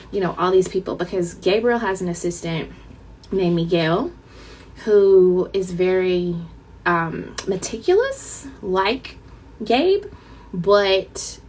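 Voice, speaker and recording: A woman's voice: mid-range voice, a little hiss or hum, low-quality recording. A woman author chatting casually to her viewers with a light Southern twang, dramatic and talkative, calling them y'all.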